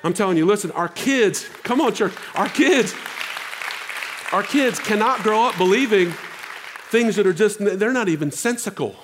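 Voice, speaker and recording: A man preaches from the pulpit with a slightly high voice, mixing relaxed, joking asides with rising calls to his church. The faint murmur of a congregation sits behind him. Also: moderate pace, a crowd in the background, noisy background. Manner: conversational preaching, rising to loud exhortation. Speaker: pastor. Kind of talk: sermon.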